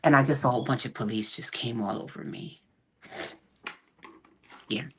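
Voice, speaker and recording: A middle-aged woman with a strikingly low, dark-toned voice recounts a hard chapter of her life as a podcast guest over a video call. She acts out each person's words as she goes and often restarts her sentences. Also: moderate pace, slight background noise. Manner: animated retelling that acts out quoted dialogue, with frequent restarts. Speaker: guest, army sergeant. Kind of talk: personal storytelling in a podcast interview.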